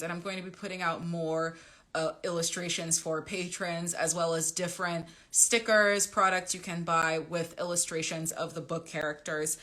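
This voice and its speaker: A woman's voice: on the low side, sharp tone. A young woman, a romance author, chatting casually on a livestream and rambling through updates for her readers. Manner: chatty, rambling, reads out viewer comments.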